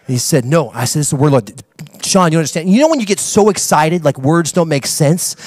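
A man preaching a sermon as a pastor, telling a story with acted-out dialogue and building to excited preaching. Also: a little high, brisk, no echo. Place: church.

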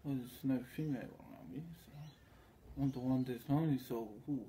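A man's voice: mid-range voice, steady tone, moderate pace, mellow, slight background noise. A man telling a rambling, crude story in a casual way, acting out the others in it. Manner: meandering and crude, acts out other voices in quotes. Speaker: vlogger.

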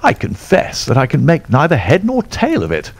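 A man's voice: a little high, wildly swooping pitch, normal speed, vocal fry, pitched above the performer's own voice, heavily acted. A man voicing an agitated older male colonel in an audiobook, with a strained, exclamatory manner. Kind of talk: audiobook character voice.

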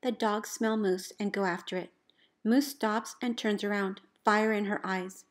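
Woman reading a storybook aloud, expressive. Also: mid-range voice, measured pace. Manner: expressive, calls out dog commands loudly. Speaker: teacher reading a picture book aloud.

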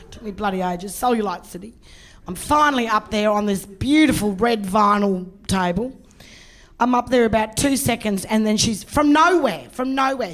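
A middle-aged woman doing a bawdy, energetic stand-up set on a comedy club stage. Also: a little high. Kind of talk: live stand-up routine.

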